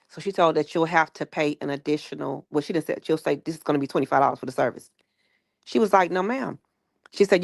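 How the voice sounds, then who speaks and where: A woman tells a story in a casual, chatty way, jumping into the voices of the people she quotes. Her voice sits on the low side and has a gravelly edge. The sound is dry and close. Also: dry recording. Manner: animated retelling with quoted voices. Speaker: guest recounting stories.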